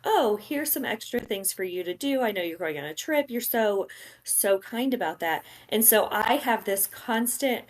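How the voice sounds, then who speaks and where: A woman's voice: medium pitch, lively intonation, moderate pace. A woman editor talks casually as a podcast guest. Her humor is dry and wry, and she answers in an easygoing way. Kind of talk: casual chat.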